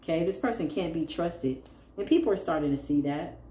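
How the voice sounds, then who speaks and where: A woman's voice: sits low, animated, a little fast, dark tone. A woman giving a casual tarot reading to her viewers, blunt and sassy, laughing as she talks. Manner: sassy, blunt, laughing, calls listeners "child". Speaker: tarot reader. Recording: echoey room with faint noise.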